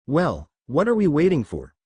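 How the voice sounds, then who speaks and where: A man's voice: fairly high pitch, huge pitch swings, moderate pace, a little mellow, breathy edge, no echo, full character voice. A man voicing an eager teenage boy wizard urging the others on.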